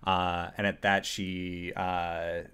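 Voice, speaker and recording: Man, game master, very low voice, slow, halting with fillers. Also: little pitch movement, sharp tone, clear, resonant tone. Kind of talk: narrating a tabletop game.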